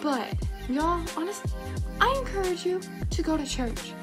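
Young woman, high-pitched, casual vlog chat, music in the background. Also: expressive, normal speed. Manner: upbeat and chatty, drops y'all often. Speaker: vlogger.

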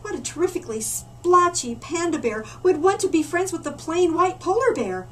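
Woman doing a shy sad polar bear cub, unsure, kinda high and sing-songy. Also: sing-song, moderate pace, fairly bright tone, recorded from a distance, a little hiss or hum, exaggerated voice. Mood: wistful. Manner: hesitant and wistful. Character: shy, homesick young male polar bear.

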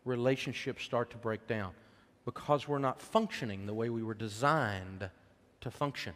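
Here a folksy man from the United States, middle-aged, talks about faith and money in a hall, using sermon-like storytelling. His mid-range voice keeps a moderate pace while his emotional delivery rises to loud preaching and drops to a soft hush.

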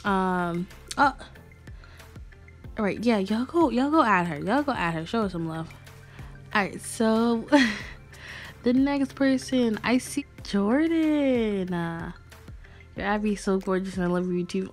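A woman's voice: medium pitch, lively intonation, slow. A young woman vlogger chatting casually and gushing as she reads fan messages aloud. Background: faint music.

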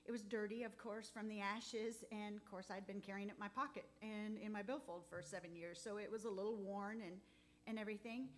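A woman giving a heartfelt, halting testimony in church, close to tears at times. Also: mid-range voice, steady tone. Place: church sanctuary.

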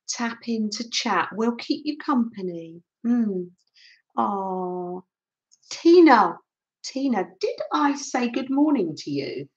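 An older woman hosts a craft livestream from home, chatting with viewers in an unhurried way. Her voice sits a little high, and she fills her talk with gentle "oh"s and small laughs. The sound is slightly dull and lo-fi. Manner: chatty, warm greetings with frequent soft laughs and "oh"s. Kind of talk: casual chat greeting live viewers.

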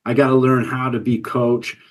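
Earnest forties man, podcast guest, mid-pitched voice, stumbling restarts. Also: flat delivery, moderate pace. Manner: earnest, repeats words as he talks. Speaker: podcast guest, business coach and father. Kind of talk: casual interview conversation.

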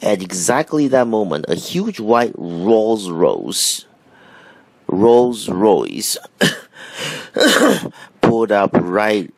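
Slow, deep, gravelly storybook reader. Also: male voice, big pitch swings, no room sound. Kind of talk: storybook read-aloud.

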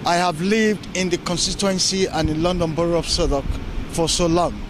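A man from Sierra Leone, a local councillor, answering interview questions in a measured way and repeating words as he finds his phrasing. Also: a little high, steady tone, noisy background. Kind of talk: interview answers; opening lines a prepared campaign statement.

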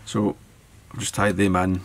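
Low-voiced Scottish man explaining fly tying. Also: little pitch movement, measured pace, vocal fry, slight background noise. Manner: easygoing, thinking aloud as he works. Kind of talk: tutorial narration while working.

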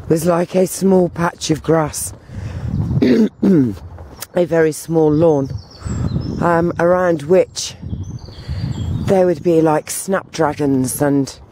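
A woman talking to the camera on an outdoor walk, meandering with many pauses and fillers. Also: sits low, noisy background. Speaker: vlogger. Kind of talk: rambling walk-and-talk vlog.

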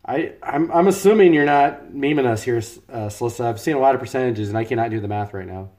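A man's voice: medium pitch, fast, darkish tone. A man from the United States talks through a casual live cooking stream at home. He chats loosely with viewers, stops to greet people by name, and keeps up a running commentary as he works.

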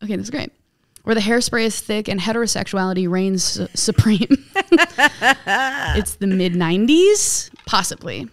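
A woman's voice: medium pitch, expressive, normal speed, a little mellow. A woman comedian reading her own comedy script aloud as narration, often laughing at her own jokes.

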